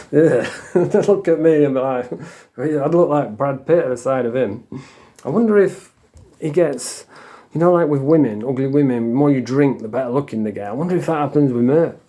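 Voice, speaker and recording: A man's voice: medium pitch, normal speed, dark tone. A man ranting in a crude, mocking vlog, laughing at his own jokes. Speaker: online commentator.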